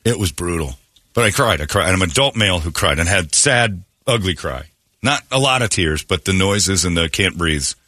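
A man hosting a radio talk show, telling a funny story in an animated way and acting out the voices in it. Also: low voice, moderate pace, no room sound, studio quality. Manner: animated, acts out his own crying and other voices.

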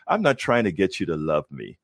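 A man's voice: low voice, huge pitch swings, brisk, no echo, clean studio sound. A man, a guest on a show, talking politics emphatically and stopping to restart his sentences. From United States. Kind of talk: conversational political discussion.

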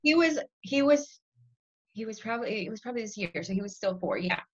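A woman in her thirties, a guest in a casual conversation, telling stories with laughter and lively quoted voices. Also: a little high, a little fast, muffled recording.

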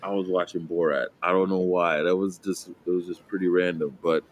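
A man's voice: deep voice, steady tone, fairly quick, a little hiss or hum, poor audio. A man in his late twenties from New Jersey chatting casually on a podcast, rambling with lots of fillers and restarts. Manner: rambling, many fillers and restarts, laughs a lot. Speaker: podcast co-host. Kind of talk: casual chat.

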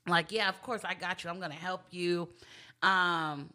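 A woman's voice: on the low side, fairly even intonation, normal speed, pushed and bright. A woman in casual chat, recapping scenes of a show by quoting the characters.

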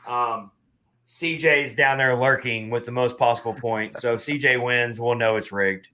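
A man hosting a casual sports podcast, talking in an animated, rambling way with frequent restarts. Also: medium pitch, normal speed. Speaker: podcast host. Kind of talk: casual chat.

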